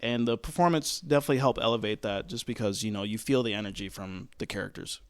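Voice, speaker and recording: A man co-hosting a podcast, talking about films in a relaxed, conversational way. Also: fairly low pitch, fast talker, dry recording. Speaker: podcast co-host. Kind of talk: casual film discussion.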